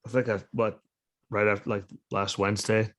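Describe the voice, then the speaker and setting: A man's voice: on the low side, little pitch movement, moderate pace, a bit bright. A sleep-deprived man hosting a podcast over a video call, talking in a blunt, sarcastic, profane and rambling way. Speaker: podcast host. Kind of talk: casual political chat.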